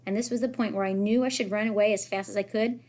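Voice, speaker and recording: A woman's voice: medium pitch, fast. Woman reading a novel aloud. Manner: lively, raises voice for characters' lines. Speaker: reader.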